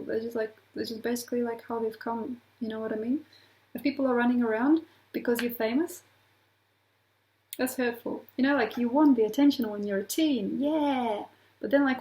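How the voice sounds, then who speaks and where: A woman's voice: fairly high pitch, mellow, low-quality recording. A woman astrologer talking casually to camera, rambling from point to point with laughing asides.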